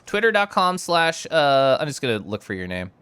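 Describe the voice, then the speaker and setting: A man streaming a video game, chatting casually and excitedly while reading chat aloud and giggling. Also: medium pitch, moderate pace, smooth, dry recording.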